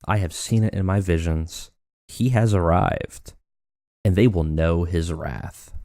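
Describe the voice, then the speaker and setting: A man's voice: low voice, animated, a little slow, gravelly, dark tone, no room sound, studio quality, exaggerated voice. A man reading as an ominous cult leader. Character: ominous male cult leader prophesying doom.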